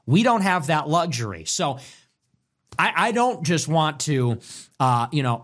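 A man's voice: on the high side, lively intonation, unhurried, fairly bright tone. A man commentating in a solo monologue, emphatic and repetitive in short punchy sentences.

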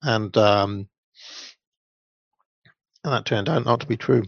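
Man, casual chat, gravelly voice, dry muffled sound, hesitant and joking. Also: fairly low pitch, takes it slowly, dry recording.

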